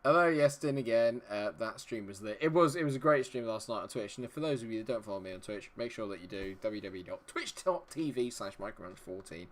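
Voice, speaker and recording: A man's voice: on the low side, expressive, brisk, hardly any pauses. A man live-streaming a game, chatting with his viewers and muttering to himself while he checks settings. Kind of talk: live-stream commentary talking to chat.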